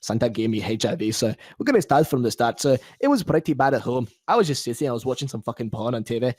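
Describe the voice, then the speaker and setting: A man's voice: mid-range voice, sing-song, fast, darkish tone, breathy edge, dry recording, studio quality. A man telling a crude comic story, rambling and swearing constantly.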